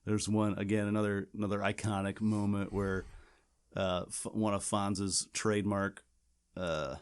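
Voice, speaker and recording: Low-ish guy rambling on a podcast, lots of "you know". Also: little pitch movement, measured pace, smooth. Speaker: podcast co-host. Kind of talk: casual chat.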